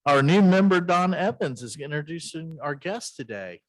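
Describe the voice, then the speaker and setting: A man's voice: a little high, animated, normal speed, dry recording. Man emceeing a club meeting.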